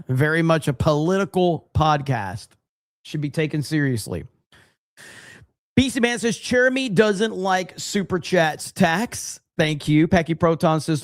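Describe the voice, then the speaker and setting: Man reading chats, slightly high. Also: no room sound, clean studio sound. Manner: jokey, exasperated reactions, reads viewer messages aloud. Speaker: livestream host reading super chats. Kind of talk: casual livestream chat.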